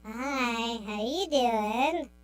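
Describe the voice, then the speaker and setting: A man testing a mixer's pitch effect, speaking in a squeaky pitched-up voice in a playful demo. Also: very slow, fairly bright tone, clear, resonant tone, full character voice. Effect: voice changer pitching the voice far up.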